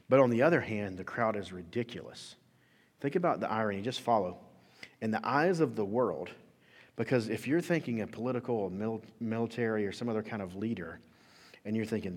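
A man preaching a sermon as pastor, in an animated, conversational way, acting out quotes. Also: on the low side, slightly rough, in a large hall.

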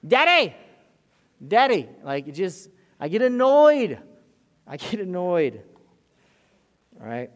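A man in his thirties, a pastor preaching a sermon and telling family stories, swinging between loud excitement and quiet, tender moments. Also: mid-range voice. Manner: animated storytelling with swings from loud to hushed. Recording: long hall reverb.

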